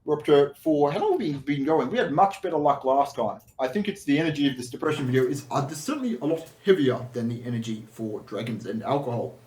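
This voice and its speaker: A man's voice: medium pitch, lively intonation, fast talker, few pauses, a little mellow, reverberant. A man talking casually as an energy healer, rambling with restarts and asides. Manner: rambling, with many restarts and laughs. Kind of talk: casual spoken monologue.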